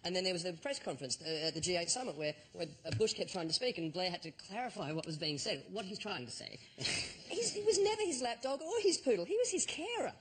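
A man with a bright, ringing voice spins a comic story on a studio panel show, slipping into little acted-out voices for the people he quotes. A faint hiss sits under the recording. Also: sits high, very animated, quick pace, poor audio. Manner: chatty anecdotal delivery with acted-out quotes. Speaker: comedian panelist. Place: TV studio with live audience.

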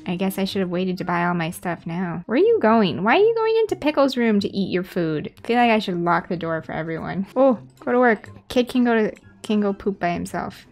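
Female gaming host, casual running commentary, mid-pitched, light music under. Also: sing-song, brisk, few pauses, darkish tone. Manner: chatty, reacting aloud to the game.

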